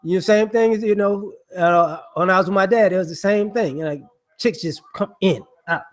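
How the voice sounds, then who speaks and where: A man giving casual, rambling monologue commentary in slangy speech, filled with "you know" and quick acted-out voices. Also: high-pitched. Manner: acts out people he mocks with quick voices.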